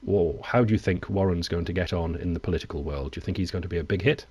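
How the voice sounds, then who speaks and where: A man's voice: deep voice, quick pace, darkish tone, slightly rough, no room sound. A man who reads news articles aloud and breaks off into wry, digressive asides of his own. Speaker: news commentator. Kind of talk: reading and commenting on news articles.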